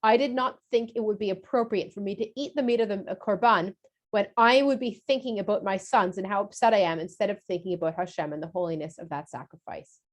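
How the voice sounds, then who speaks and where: A woman reads the part of a sorrowful older priest mourning his sons, his words quiet, measured and apologetic. The voice sits a little lower and softer than her usual teaching voice, retelling a story for kids. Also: natural voice. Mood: grieving. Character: grieving older male priest, father, apologetic.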